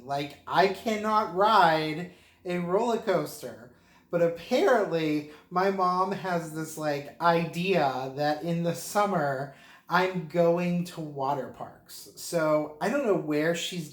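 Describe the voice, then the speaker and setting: A man from the Pittsburgh area, mildly tipsy, rambling casually to camera with lots of fillers and frequent laughs. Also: fairly high pitch. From Pittsburgh area, western Pennsylvania. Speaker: vlogger. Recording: roomy echo.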